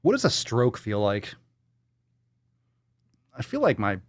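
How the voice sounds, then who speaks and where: A man hosting a live podcast, ranting in a profane, sarcastic, mocking way, jumping from loud outbursts to muttered asides. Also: mid-range voice, huge pitch swings, slow pace, pauses often, no echo. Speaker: podcast host. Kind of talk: live-stream podcast rant.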